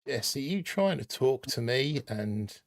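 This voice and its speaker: A man's voice: mid-range voice, animated, measured pace, gravelly, dry recording. A man hosting a casual live stream in a put-on Australian accent, rambling and joking as he reads out chat names. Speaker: livestream host.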